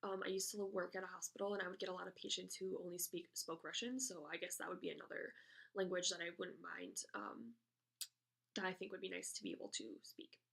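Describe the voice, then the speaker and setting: Young American woman, casual vlogger, gravelly fry, hesitant rambling delivery. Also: lowish voice, a little fast, a bit bright. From United States. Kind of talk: casual chat answering a question tag.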